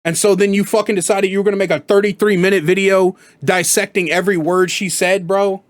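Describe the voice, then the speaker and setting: A man's voice: high voice, level tone, a little fast. A man giving blunt, profane reaction commentary, rambling and repeating himself as he makes his points.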